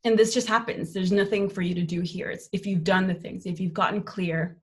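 Speaking a little fast in a steady, medium-pitched voice, this young adult woman hosts a live online motivational workshop. She's a life coach who stays upbeat and candid, dropping casual swears as she coaches.

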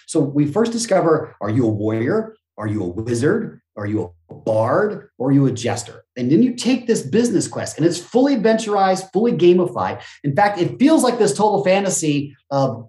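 A middle-aged man talking as an interview guest, with an energetic, expansive motivational speaker's delivery. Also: on the high side, a little fast. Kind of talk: animated conversational interview. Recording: roomy echo.

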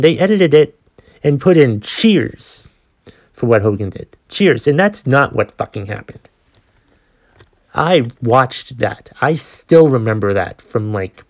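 A man in his forties hosting a podcast, telling a long story in a casual, ranting way with plenty of swearing and exasperation. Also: medium pitch. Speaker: podcast host.

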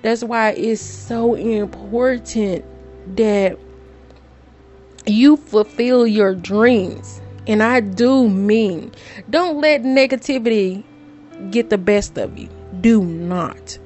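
A woman's voice: fairly high pitch, slow, darkish tone, soft background music. A woman podcast host, talking straight to her listeners in an emotional, preachy way. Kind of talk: casual monologue.

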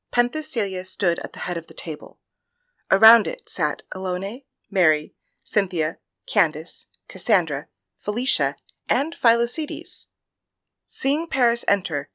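Bright-voiced woman narrating a story. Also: mid-range voice, no room sound.

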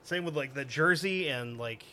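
A man with a fairly high voice co-hosts a casual history podcast. He jokes and swears freely, and reads quoted passages aloud between wisecracks. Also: moderate pace, pushed and bright. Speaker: podcast co-host.

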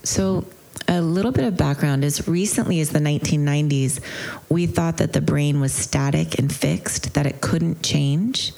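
Woman teaching mindfulness at a retreat, deep-ish voice w/ lots of vocal fry, thoughtful and a bit halting. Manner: earnest, reflective storytelling with gentle hesitations. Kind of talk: retreat lecture with storytelling.

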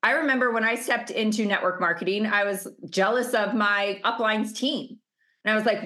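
A woman's voice: medium pitch, normal speed, bright, forceful tone. A middle-aged woman coach giving an emphatic motivational masterclass over a video call, stacking up rhetorical questions. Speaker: business coach.

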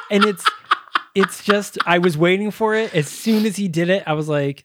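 A man's voice: a little high, steady tone, a little fast, a bit bright. A man co-hosting a podcast, chatting casually about a movie, incredulous and laughing, swearing often. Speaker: podcast co-host. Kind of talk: casual movie review chat.

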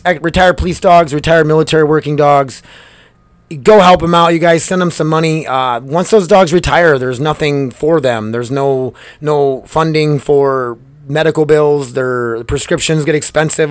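A man's voice: on the high side, no echo. A man hosting his own podcast solo, talking in a loose, rambling and upbeat way from a storage room at work. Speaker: podcast host. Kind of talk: casual solo podcast chat. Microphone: laptop microphone.

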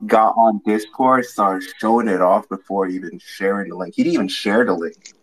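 A man's voice: on the low side, steady tone, normal speed, breathy edge, rough recording. A man joining a casual live audio chat, teasing and mock-scolding one of the hosts.

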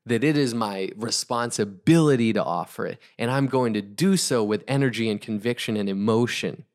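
A man giving an energetic motivational talk on sales, emphatic and repetitive, driving his points home. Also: medium pitch, normal speed. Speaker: podcast host, entrepreneur.

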